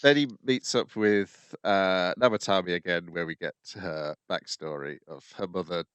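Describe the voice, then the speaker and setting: A man's voice: low-pitched, moderate pace, a bit bright, smooth, dry recording, highs cut off. A man co-hosting an anime podcast, recapping episodes casually with many hesitations. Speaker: podcast co-host.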